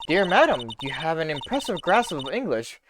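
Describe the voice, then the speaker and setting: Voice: medium pitch, sing-song, normal speed, noisy background, natural voice. Stern older matriarch, voiced by a streamer, stiff archaic politeness, wide-ranging delivery. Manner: stiff, archaic politeness, repeats "good sir". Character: stern, formal older woman, head of a spirit-medium family.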